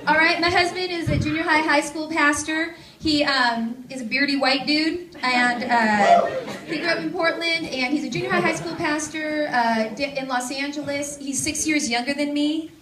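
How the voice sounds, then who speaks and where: A woman's voice: high voice, steady tone, moderate pace. Bubbly woman joking at a conference. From Seattle suburbs, US. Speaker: campus ministry staff speaker. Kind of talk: conference talk. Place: large hall with audience. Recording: echoey hall with crowd.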